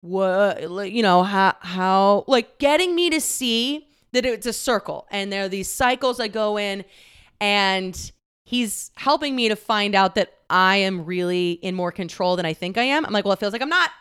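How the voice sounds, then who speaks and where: Candid, profane young woman with a smooth voice. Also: medium pitch, expressive, normal speed, a bit bright. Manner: candid, profane, laughs often; chatty, many fillers and acted quotes. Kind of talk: casual storytelling to camera.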